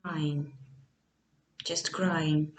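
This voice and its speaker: A woman with a talks through a tarot spread in a slow, musing, hesitant way. Her voice sits a little low, and she sounds a bit distant from the microphone. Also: level tone. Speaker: tarot reader. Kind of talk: casual tarot reading to camera.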